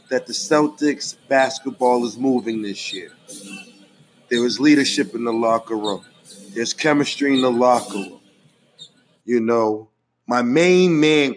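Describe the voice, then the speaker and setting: A man from Boston hosting a sports podcast, delivering a rhythmic, chant-like hype monologue full of emphatic shout-outs. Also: medium pitch. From Boston, Massachusetts.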